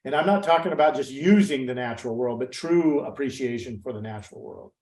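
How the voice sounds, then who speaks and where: A man's voice: mid-range voice, fairly quick, a little mellow. Older male guest presenter, heartfelt and earnest, echoey call audio. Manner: earnest, heartfelt, with many restarts. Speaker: guest presenter, nature interpreter. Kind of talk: presentation to educators.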